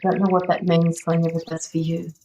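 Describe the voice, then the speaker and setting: A woman reading tarot and passing on spirit messages to viewers on a livestream, gentle and reassuring, pausing often with fillers. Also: on the low side, monotone, a little hiss or hum, poor audio. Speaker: tarot reader and medium.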